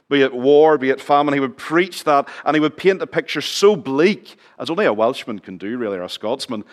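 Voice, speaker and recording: A middle-aged man preaching a sermon in church, chatting with the congregation, asking them questions and dropping his voice low for emphasis. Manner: conversational, asks the congregation questions, drops to near whisper for emphasis. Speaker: pastor.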